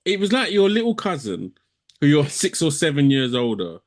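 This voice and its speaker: Young dude on a podcast, slightly high voice, laughs a lot, teasing, goes on long explanations. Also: male voice, sing-song, moderate pace. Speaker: podcast co-host. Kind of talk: casual banter.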